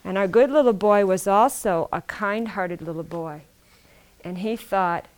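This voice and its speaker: A woman's voice: medium pitch, unhurried, darkish tone. A woman telling a traditional story aloud, repeating phrases and asking her listeners questions. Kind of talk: oral storytelling to a live audience.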